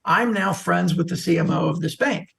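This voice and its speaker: High, gravelly-voiced man telling stories. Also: moderate pace. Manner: animated anecdotal storyteller. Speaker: social selling expert guest. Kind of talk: podcast interview storytelling.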